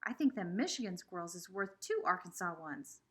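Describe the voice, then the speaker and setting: A woman voicing a friendly, talkative country boy who is the new kid at school, with a husky voice and an eager country drawl. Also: fairly low pitch, sing-song, normal speed, fairly bright tone, heavily acted. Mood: matter-of-fact.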